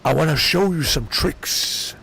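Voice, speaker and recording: A man doing a comedic impression of a boastful older tough-guy ex-wrestler politician, in a slow, gravelly drawl. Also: fairly high pitch, a bit bright, a little hiss or hum. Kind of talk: comedic impression while gaming.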